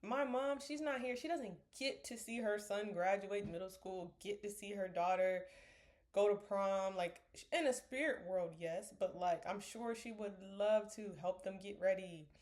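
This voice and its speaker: Young woman talking to her camera, earnest and rambly, sips a smoothie, goes whispery sometimes. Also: mid-range voice, normal speed, darkish tone. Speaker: vlogger. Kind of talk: casual motivational talk to camera.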